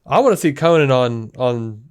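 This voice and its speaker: A man's voice: mid-range voice, expressive, normal speed, a little mellow, smooth. A man co-hosting a podcast, reading out news quotes and chatting casually about them. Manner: reads out news quotes, then chats. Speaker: podcast co-host.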